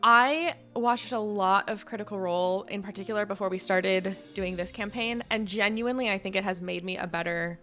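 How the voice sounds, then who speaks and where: A woman's voice: medium pitch, normal speed, hardly any pauses, a bit bright, faint music behind. A woman talking casually as a guest about role-playing games, rambling with many fillers and restarts. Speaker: podcast guest, D&D player. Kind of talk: casual chat.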